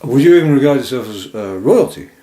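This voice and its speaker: A woman interviewing in an improvised comedy sketch, asking polite questions in a deadpan way. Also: rumbling low, fast talker. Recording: echoey room, faint noise.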